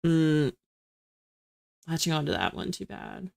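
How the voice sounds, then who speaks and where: This livestream host, a young East Coast woman, takes it slowly as she casually reads viewer comments and jokes at her own expense. Her low voice is sing-song and a little mellow, with vocal fry.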